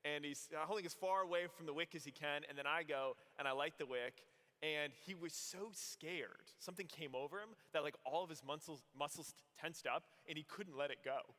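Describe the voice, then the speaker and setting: A young adult man from Arizona, a priest giving a youth conference homily, telling stories in an animated way and acting out voices. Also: on the high side, brisk. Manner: animated storytelling, acts out voices. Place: large hall. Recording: echoey hall, long reverb.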